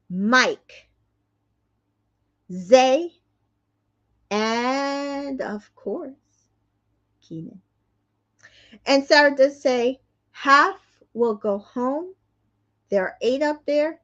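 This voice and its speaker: A woman's voice: on the high side, muffled recording. Chatty woman recapping reality TV. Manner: chatty, with fillers and laughs. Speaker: recap show host.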